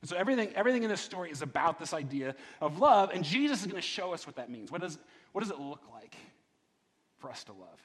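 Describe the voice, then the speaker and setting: Animated preacher in an echoing hall. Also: male voice, fairly high pitch, fast talker, husky. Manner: animated, conversational preaching with many repeated words and rhetorical questions. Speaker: pastor. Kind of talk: sermon. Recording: long hall reverb.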